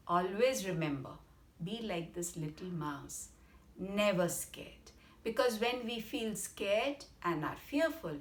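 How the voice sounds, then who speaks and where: A woman with an Indian accent reading a bedtime story to children in an expressive, sing-song way. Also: mid-range voice. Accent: Indian English. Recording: echoey room.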